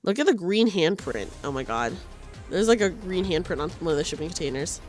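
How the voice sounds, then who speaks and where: A woman's voice: on the low side, lively intonation, brisk, soft background music. A young woman streamer chatting with her audience and reading game dialogue aloud during a live game stream. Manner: chatty, giggly, reads game lines aloud.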